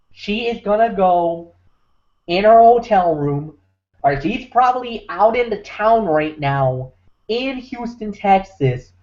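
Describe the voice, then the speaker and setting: A man's voice: sits high, a little mellow. A man hosting a wrestling recap show, talking with emphatic, preacher-like force. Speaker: podcast host. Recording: muffled lo-fi audio.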